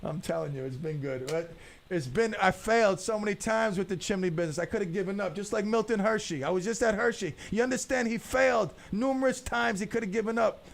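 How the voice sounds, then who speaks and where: A middle-aged man hosts a talk radio show in a high, gravelly voice. He jokes around and rambles, stumbling over his words as he goes. He speaks into a studio microphone. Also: brisk. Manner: jokey, rambling storyteller with many restarts. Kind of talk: casual talk radio banter.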